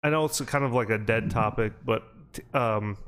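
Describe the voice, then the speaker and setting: A man's voice: lowish voice, normal speed, a bit bright, clean tone. Rambling man telling podcast stories. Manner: rambling storytelling with many fillers. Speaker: podcast host. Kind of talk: casual chat.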